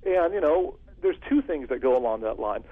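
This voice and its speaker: A man working as a security consultant, telling stories in an interview in an animated way and acting out phone calls. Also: medium pitch, moderate pace. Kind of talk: storytelling interview answer. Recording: phone-like lo-fi audio.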